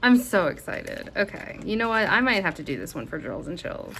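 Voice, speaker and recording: A woman vlogger chatting casually to her viewers in a gushing, excitable way, often gasping. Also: medium pitch, fairly quick, hardly any pauses, a little hiss or hum. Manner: gushing and excitable, with frequent gasps. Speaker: crafting vlogger. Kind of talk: casual vlog chat.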